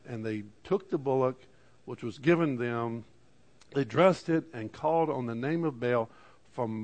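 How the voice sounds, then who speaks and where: A man preaching to a congregation, reading scripture dramatically with lively asides and stammered restarts. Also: mid-range voice. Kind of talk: sermon. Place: church in front of a congregation.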